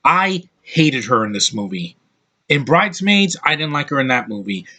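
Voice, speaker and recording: A man's voice: mid-range voice, very animated, moderate pace, sharp tone. A man giving a casual, opinionated film review, rambling and restarting his sentences as he goes. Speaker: movie reviewer.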